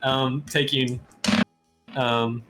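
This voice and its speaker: Game master, man, laughs a lot, chatty, mid-pitched, soft music behind. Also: level tone, extremely slow. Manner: laughs often, loose and chatty. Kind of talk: narrating a tabletop game.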